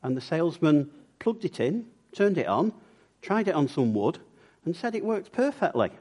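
A man's voice: fairly high pitch, moderate pace, husky. A man preaching a sermon and telling stories, acting out the voices of the people in them. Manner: lively storyteller acting out quoted voices. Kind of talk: sermon with storytelling.

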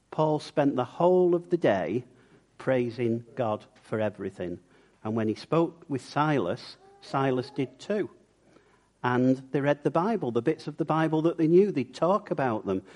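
A man preaching a sermon and telling stories, acting out the voices of the people in them. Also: a little high. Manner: lively storyteller acting out quoted voices. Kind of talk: sermon with storytelling.

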